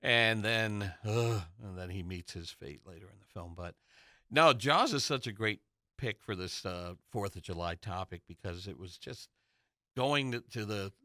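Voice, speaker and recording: A man's voice: on the low side, measured pace, pushed and bright, no room sound, studio quality. A man on a casual movie podcast, telling film trivia anecdotes with enthusiasm. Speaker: podcast co-host.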